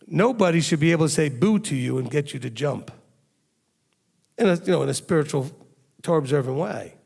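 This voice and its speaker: A man's voice: fairly high pitch, animated, brisk, creaky, a little mellow, slightly rough. A man preaching a sermon as a rabbi, emphatic and firing rhetorical questions at his listeners. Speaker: rabbi teaching a congregation.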